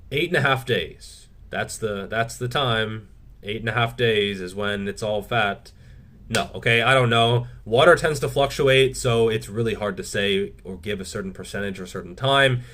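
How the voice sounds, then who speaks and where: A fitness YouTuber with a mid-range, fairly bright male voice runs a casual Q&A, reading viewer questions aloud and answering each one frankly while swearing freely.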